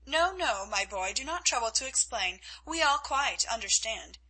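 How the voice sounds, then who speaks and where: A woman's voice: on the high side, animated, moderate pace, sharp tone, husky, heavily acted, rough recording. A woman reading the part of a cold, mocking male Spanish officer in an audiobook, speaking in a coolly commanding way.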